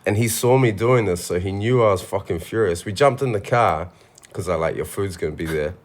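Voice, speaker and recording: A man's voice: lowish voice, brisk. A man with a New Zealand accent co-hosting a podcast, telling stories in a laid-back, swearing way. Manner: laid-back storytelling, swears and laughs often. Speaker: podcast co-host. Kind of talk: casual podcast chat.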